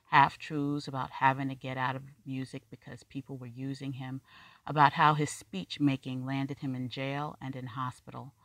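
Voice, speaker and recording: A reader narrating a short story in a measured, wry storytelling manner. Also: mid-range voice, a bit bright, no echo. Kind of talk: scripted fiction narration.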